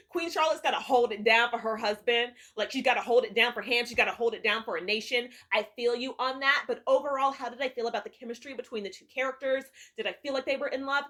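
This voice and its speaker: A woman's voice: fairly high pitch, bright, forceful tone. A woman giving a candid, casual on-camera TV review as a vlogger, talking emphatically and swearing freely.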